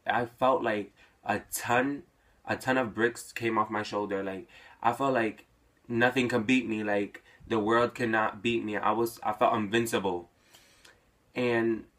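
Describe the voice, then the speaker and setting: A man's voice: lowish voice, a bit bright. Young man telling a personal story. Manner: casual, many fillers like "like".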